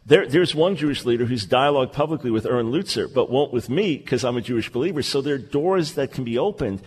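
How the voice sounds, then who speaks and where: A man hosting a radio talk show, speaking in an earnest, animated, conversational way. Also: medium pitch, fast, husky, long reverb tail.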